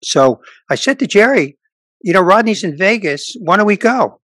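In a relaxed interview, an older comedian spins animated anecdotes, doing voices for everyone he quotes. He has a high voice and a moderate pace, recorded with no room sound.

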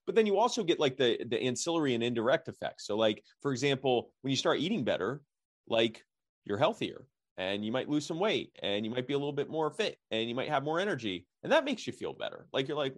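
A man's voice: mid-range voice, sing-song, a little fast, no room sound. Man, casual chat, rambling with fillers, dry close sound. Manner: rambling, many fillers and restarts.

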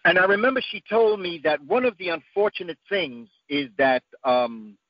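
A man giving an emphatic, preacherly talk whose voice climbs to high peaks. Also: expressive, moderate pace, dry recording. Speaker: guest speaker. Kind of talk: impassioned lecture-style talk. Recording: dull lo-fi dry sound.

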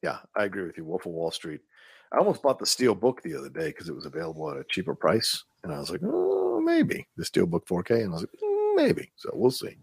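Gravelly guy rambling about movies on a podcast, swoopy lively delivery. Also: deep voice, fast, no echo, studio quality. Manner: opinionated, laughs often, rambling. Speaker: podcast co-host. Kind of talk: casual movie chat.

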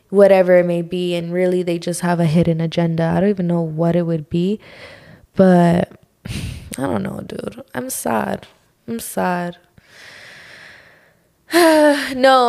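A young woman hosting her own podcast, talking through a personal struggle in a slow, heartfelt monologue full of sighs and "like". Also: mid-range voice, darkish tone. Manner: slow, sighing, heartfelt, says "like" often. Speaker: podcast host.

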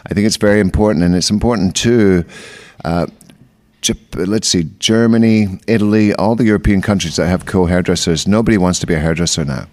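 A man's voice: low voice, fairly quick, a little mellow. A middle-aged man, a veteran hairdresser and stage artist, telling joking stories in a podcast interview. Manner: joking storyteller.

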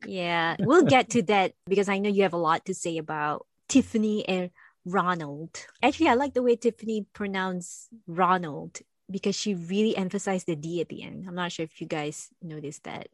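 A woman's voice: mid-range voice, a little fast, hardly any pauses, no room sound. A woman hosting a casual podcast, chatty and playful, laughing easily. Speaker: podcast host.

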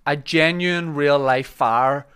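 A man, hosting a podcast in casual chat and telling long, animated stories. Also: on the high side, takes it slowly, smooth. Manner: animated anecdote teller, acts out shouted quotes. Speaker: podcast host.

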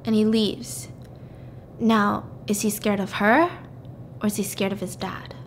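A woman's voice: medium pitch, fairly even intonation, normal speed, slight background noise. A woman podcast host retelling a story in casual chat, peppering it with "like" and "freaking". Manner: chatty, lots of "like" and "freaking".

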